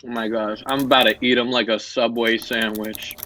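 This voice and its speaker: A man's voice: mid-range voice, flat delivery, moderate pace, pushed and bright. A man playing a tabletop game, joking around while talking with his mouth full. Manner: jokey, playful. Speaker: player. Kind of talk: casual tabletop game chat.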